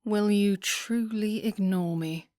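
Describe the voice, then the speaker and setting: A woman reading a rakish, arrogant young nobleman with a slow, lazy drawl in an audiobook. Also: on the low side, darkish tone, no room sound, clean studio sound.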